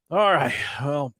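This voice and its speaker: A man in his thirties hosting a podcast, telling a story in casual chat, swearing often and loudly acting out the lines he quotes. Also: fairly high pitch, no echo, clean studio sound. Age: 30s. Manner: profane, animated, acts out quotes loudly. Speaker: podcast host.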